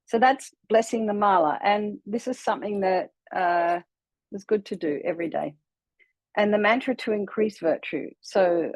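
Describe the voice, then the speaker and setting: Australian nun teaching mantras, dry sound. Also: female voice, medium pitch, dry recording, highs cut off. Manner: relaxed, chatty, laughs easily, slowly sounds out mantras. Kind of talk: teaching a meditation class.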